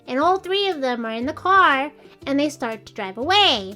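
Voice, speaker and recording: A woman co-hosting a casual movie chat, retelling scenes in an animated, swearing rant. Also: high-pitched, moderate pace, soft background music. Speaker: podcast co-host.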